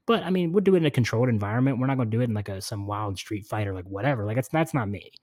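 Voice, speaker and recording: A man's voice: fairly low pitch, racing, no echo. A man in his twenties, a podcast host, telling a story in casual chat and acting out what he and others said, with lots of fillers. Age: 20s. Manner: animated storytelling, acts out quoted exchanges, many fillers.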